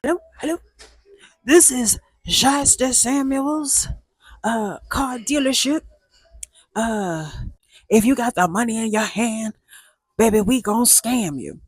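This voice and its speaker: A woman voicing a smooth-talking, shady male used-car dealer who keeps calling the customer baby. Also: on the high side, slow, long pauses, dry recording, voice pushed up. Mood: slick. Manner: slick, wheedling, calls everyone baby.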